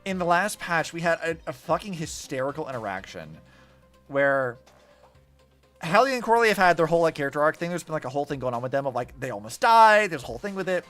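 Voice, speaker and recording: A young man gives loose, chatty commentary as he plays, his pitch swinging up and down with lively energy. His voice sits a little high for a man, and he keeps talking through a stream of fillers. Soft game music plays underneath. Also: fast talker. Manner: chatty, animated, many likes and fillers. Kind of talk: casual gameplay commentary. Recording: faint music behind. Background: faint game music.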